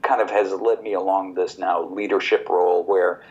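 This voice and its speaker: Low-voiced male chiropractor telling a story. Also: normal speed. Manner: animated storyteller, quotes others in his own voice. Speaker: chiropractor guest. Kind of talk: casual storytelling interview. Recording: dull lo-fi podcast audio.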